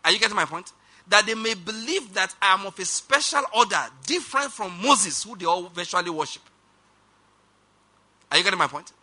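A man preaching a sermon, emphatic, slowing down to read scripture and hurrying through his asides. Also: high voice, expressive, bright, forceful tone. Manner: emphatic, slows down for quoted scripture; rushed asides, calls on congregation to repeat.

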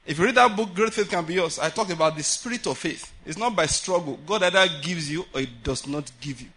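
At a prayer meeting, a man delivers a sermon in a high, bright voice with a husky grain. He talks a little fast with few pauses, stays animated, laughs often and acts out the voices he quotes.

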